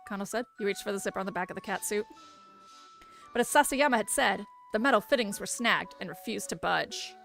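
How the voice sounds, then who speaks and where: A woman reading game narration aloud in an even storytelling manner. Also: mid-range voice, quick pace, creaky, soft background music. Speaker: let's-play narrator.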